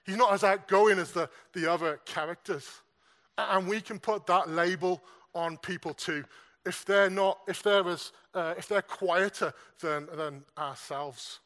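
Male preacher, high and bright, earnest sermon delivery with rhetorical questions. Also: measured pace. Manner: earnest, repeats words, asks the audience questions.

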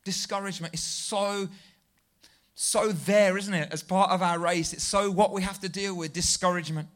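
Man, preaching, animated storyteller, high voice. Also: moderate pace. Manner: animated storytelling, self-deprecating, rising to near shouts. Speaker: pastor. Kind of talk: sermon.

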